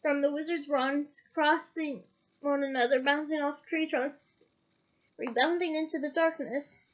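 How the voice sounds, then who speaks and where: High-voiced woman reading a novel aloud. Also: a little slow, highs cut off. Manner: lively reading, breaks off with playful comments. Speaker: audiobook reader.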